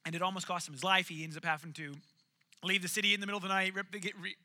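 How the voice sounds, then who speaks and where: A man preaching a sermon, retelling a story in an animated, jokey way. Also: sits high, rapid-fire.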